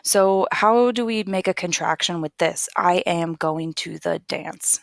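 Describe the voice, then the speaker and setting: Slow, gravelly-voiced woman teacher. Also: lowish voice, dry recording, clean studio sound. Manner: patient, repeats each word slowly for learners. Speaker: English teacher. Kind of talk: slow, careful classroom explanation.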